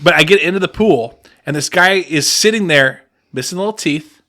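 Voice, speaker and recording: A young man with a bright, forceful voice, spinning an animated story on a casual podcast. He jokes and boasts as he goes, and his pitch sits a little on the high side for a man. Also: normal speed. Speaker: podcast co-host. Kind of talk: casual chat.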